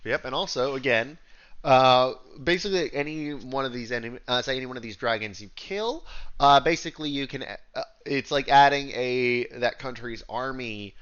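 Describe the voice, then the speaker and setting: A man's voice: medium pitch, moderate pace, fairly bright tone, clean tone, lo-fi sound. A man running a tabletop game as game master, talking loosely with lots of "uh"s and "y'all". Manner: loose and rambling, many "uh"s and "y'all".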